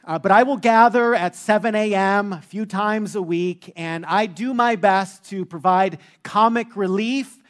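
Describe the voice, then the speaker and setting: A middle-aged male pastor delivers a sermon in a fairly high voice. He mixes scripture with funny personal stories and leans on filler words as he goes. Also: measured pace, hardly any pauses. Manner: humorous storytelling with frequent fillers.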